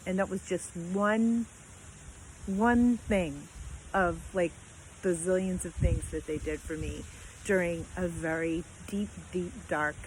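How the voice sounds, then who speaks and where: A middle-aged woman telling a personal story in a casual, heartfelt way, rambling with many fillers. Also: fairly low pitch. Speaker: vlogger. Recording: faint background noise.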